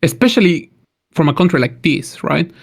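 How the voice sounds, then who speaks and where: Slightly high-voiced man from Mexico. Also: moderate pace, gravelly, breathy edge. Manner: animated, jokey storytelling with acted-out quotes. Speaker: podcast co-host. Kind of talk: casual chat.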